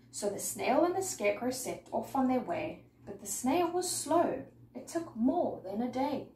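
A woman reading a rhyming picture book aloud with a lively, sing-song rhythm. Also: sits high, a little slow, few pauses. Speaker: storyteller. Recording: echoey room, mic far off, faint noise.

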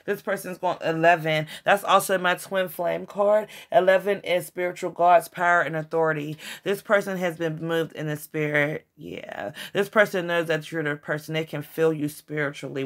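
A woman giving a casual tarot reading, emotional and excitable, with slangy chat. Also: deep voice, normal speed. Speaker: tarot reader.

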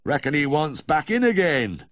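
A man's voice: fairly high pitch, very animated, moderate pace, no room sound, studio quality, voice pushed up. A man putting on a blunt Yorkshire farmer. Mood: amused. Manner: broad dialect exclamations.

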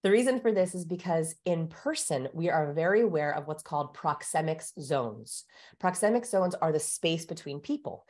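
A woman with a lowish voice talks as a guest expert in an interview. She explains in a lively, teacherly way and stretches key phrases slowly to make them land. She sounds like she is on a video call. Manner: animated, teacherly, shifts pace for emphasis.

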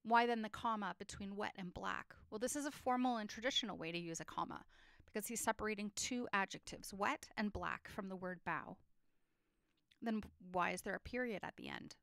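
A woman teaching a lesson on poetry structure, explaining clearly and reading poems aloud with feeling. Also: medium pitch, a little fast, fairly bright tone, no echo, clean studio sound.

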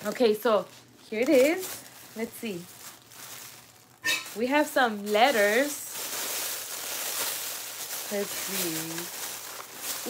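A woman's voice: medium pitch, animated, very slow, long pauses, noisy background. A woman hosting a live vlog, chatting casually and emotionally with her viewers and laughing often. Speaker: vlog host. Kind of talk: casual live-stream chat.

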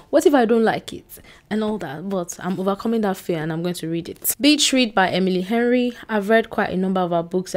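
A young woman, chatting casually to camera at home, rambling with excited bursts and quiet trailing asides. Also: mid-range voice. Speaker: book vlogger. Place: indoors at home by a bookshelf. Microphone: on-camera mic.

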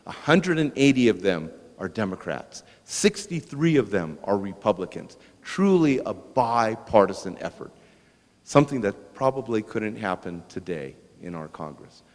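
Man, lowish voice, museum lecturer, anecdotal storytelling, long hall reverb. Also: moderate pace. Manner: lively anecdotal storytelling with asides to the audience.

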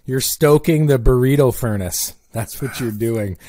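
A man co-hosting a casual comedy podcast, with an ordinary mid-range voice. He teases his partner and banters in a relaxed, joking way, swearing now and then. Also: mid-range voice, a little slow. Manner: teasing, laid-back banter with swearing. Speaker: podcast co-host.

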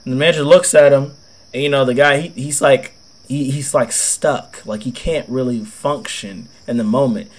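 A man's voice: medium pitch, steady tone, moderate pace. A young man with a cold, telling a rambling, slangy, swear-filled story in casual gameplay commentary. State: has a cold. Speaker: gaming video host.

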